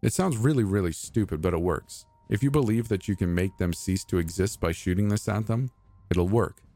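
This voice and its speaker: A man voicing a gentle, patient young man who speaks softly and reassures a frightened friend. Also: on the low side, moderate pace, dry recording. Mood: explaining. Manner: soft, patient, quietly encouraging.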